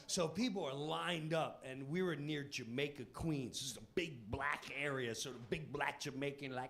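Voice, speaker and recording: A man telling comic stories in a casual, animated way, laughing into his lines. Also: on the high side, moderate pace, hardly any pauses, slight background noise. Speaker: storyteller.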